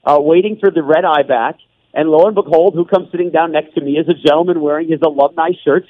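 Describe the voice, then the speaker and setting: A male broadcaster chats in a loose, rambling way, fairly high in pitch. His voice comes over a dull, muffled remote line with no room around it. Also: fairly even intonation, quick pace, no room sound. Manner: rambling, chatty, often laughing. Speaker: play-by-play broadcaster, guest. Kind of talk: radio interview chat.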